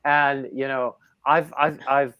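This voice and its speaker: A man's voice: mid-range voice, little pitch movement, takes it slowly, smooth, no room sound, lo-fi sound. A man hosting a casual livestream chat, rambling, with lots of fillers and restarts. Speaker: livestream host.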